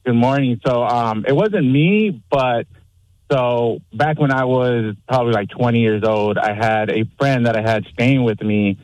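A man calling in to a radio show who tells a story in an easygoing, relaxed way. His voice is at a middle pitch, and the sound is dry and close. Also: unhurried, dry recording, low-quality recording. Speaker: caller. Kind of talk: phone-in storytelling.

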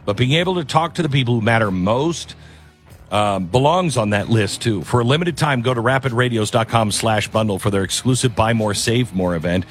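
A man's voice: mid-range voice, animated, fairly quick, faint music behind. A man hosting a talk radio show, speaking in a rambling, conversational monologue with frequent restarts. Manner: rambling, conversational, self-interrupting.

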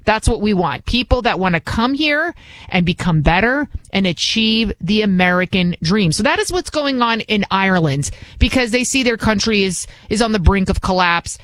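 A woman hosting a commentary show, pressing her points hard in an opinionated monologue and repeating lines for emphasis. Her pitch sits in the middle range. The recording is dry and close, with no room sound. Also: fairly bright tone, dry recording. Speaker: host of a political commentary show.

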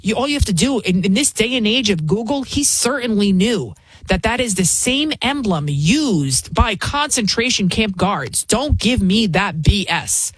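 A woman's voice: medium pitch, animated, measured pace, husky, dry recording. Indignant woman firing rhetorical questions. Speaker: fill-in host. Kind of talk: opinionated political commentary.

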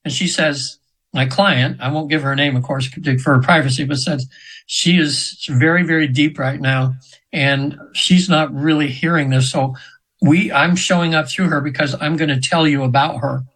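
Speaking at a normal pace with a steady tone, this guest hypnotherapist in his seventies has a fairly high, slightly bright, husky voice, captured in a rough recording. In the interview he rambles through casual stories, using fillers, restarting, and occasionally performing the voices he quotes.

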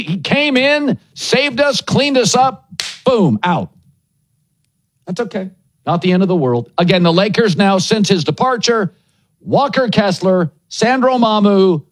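A man's voice: sits high, no echo. A man hosting a sports talk show, riffing in short, punchy, emphatic phrases and strong opinions.

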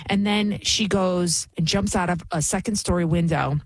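Middle-aged female talk host, husky, dry close sound, emphatic, indignant. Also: lowish voice, moderate pace, few pauses, no room sound, rough recording. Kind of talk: opinionated commentary.

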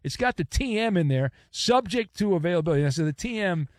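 A man's voice: sits high, expressive, fast talker, no echo, clean studio sound. A man hosting a sports talk radio show, playful and theatrical, with joking asides and repetitions. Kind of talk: sports talk radio with live-read ads.

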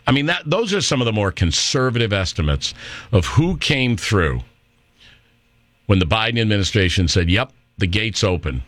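A man's voice: medium pitch, fairly bright tone, dry recording. A middle-aged man hosting a political talk radio show, opinionated and rambling, with fillers and restarts.

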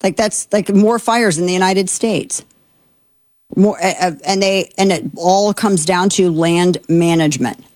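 A woman host delivers heated political commentary in a fairly low voice, indignant and exasperated, stumbling through fillers and restarts. Her voice sits close and dry, with no room sound around it. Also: steady tone, measured pace, a little mellow, no echo. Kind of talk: opinionated commentary.

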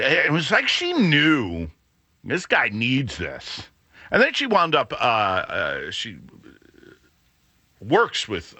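A middle-aged man hosting a radio show, telling a rambling story with many fillers and an animated, booming way of talking. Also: no room sound. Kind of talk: storytelling chat.

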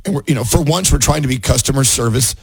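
A man's voice: mid-range voice, fast, slightly rough, no room sound. A middle-aged man hosting a radio show, talking in casual banter with frequent laughs and restarts. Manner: animated, laughs often, talks with restarts.

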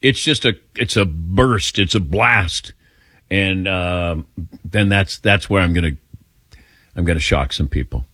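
A man's voice: sits low, a little slow, pushed and bright, no echo, studio quality. A man hosting a call-in radio show, chatting casually, laughing readily and poking fun at himself. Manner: laughs readily, self-mocking. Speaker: radio talk show host.

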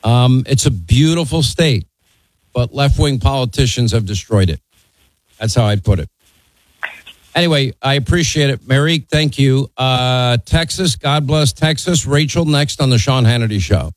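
A man's voice: medium pitch, expressive, moderate pace, dry recording, low-quality recording. A man hosting a call-in talk radio show, blunt and opinionated.

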